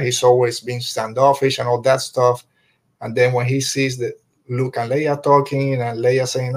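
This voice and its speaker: A man co-hosting a podcast, talking casually and enthusiastically, rambling and slipping into quick impressions of characters. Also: mid-range voice. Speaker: podcast co-host. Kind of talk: casual fan review chat.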